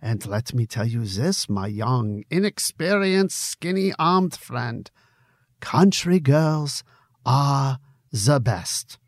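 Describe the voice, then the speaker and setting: A man voicing a jovial, teasing middle-aged German tavern keeper in a put-on German accent, drawing out his words slowly. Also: mid-range voice, very animated, dry recording, studio quality, voice pushed up.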